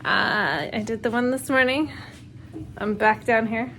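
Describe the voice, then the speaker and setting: Doing laundry at home, this homeschooling mother in her thirties chats casually for her vlog, rambling with lots of fillers and nervous little laughs. Her voice sits a little high and fairly bright, at a measured pace. The audio is poor, with slight background noise.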